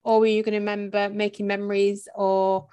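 A woman hosting a podcast, speaking in a reflective, soft way in casual chat, often trailing off quietly. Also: mid-range voice, little pitch movement, fairly quick, clear, resonant tone. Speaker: podcast host and burnout coach.

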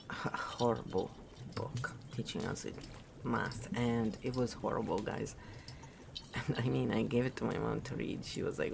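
An Italian woman hosts a podcast, talking about spiritual matters in a loose, rambling, casual way and often laughing at her own jokes. Her voice is very deep with vocal fry, and there's a lot of noise in the background.

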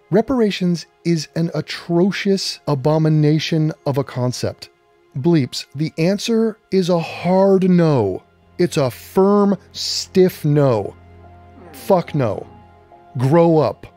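A man's voice: fairly high pitch, animated, measured pace, mellow, faint music behind. A man hosting a talk show, delivering a mocking, profane and emphatic commentary rant. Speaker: radio show host.

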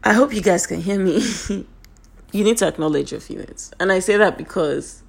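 A woman's voice: on the low side, moderate pace, vocal fry, husky. A woman from Nigeria, giving an earnest, emphatic motivational talk to her viewers, repeating her key points, her voice a little off today. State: voice a bit off today.

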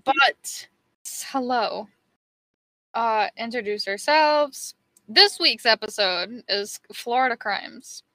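A young British woman hosting a casual podcast, rambling and giggly with lots of ums, her voice going a bit hoarse. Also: on the high side, expressive, slow, bright, forceful tone, no echo. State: losing her voice. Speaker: podcast host. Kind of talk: casual chat, reading notes.

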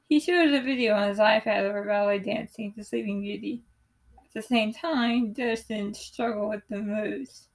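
A young woman calmly reading aloud her own play script, voicing every part in her plain voice. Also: on the high side, normal speed, poor audio. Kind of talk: unhurried script read-aloud.

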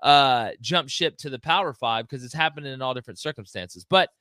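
A man's voice: medium pitch, brisk, bright, forceful tone, dry recording, studio quality. A man, a guest on a college football talk show, giving strong opinions in casual chat and mocking other views in exaggerated voices. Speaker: guest commentator.

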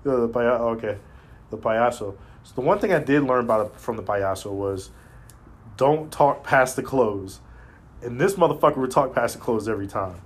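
A man talking in a casual chat, blunt and profane, telling animated stories as a podcast host. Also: medium pitch, normal speed, slightly rough.

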